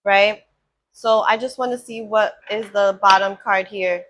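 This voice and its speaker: Slow, bright-voiced woman giving spiritual guidance. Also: medium pitch, fairly even intonation. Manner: slow, earnest and affirming, often checks in with "right?". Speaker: spiritual card reader. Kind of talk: spiritual oracle card reading.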